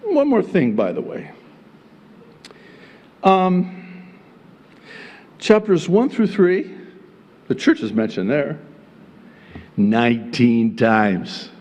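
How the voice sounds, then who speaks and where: A middle-aged male pastor preaching at an unhurried, deliberate pace. He drops to quiet explanation, then rises to loud emphatic points, with folksy asides and chuckles along the way. His voice carries a long reverberant tail, as in a large hall. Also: medium pitch, sing-song, muffled recording. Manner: emphatic, swings from quiet teaching to loud exclamation. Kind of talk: sermon.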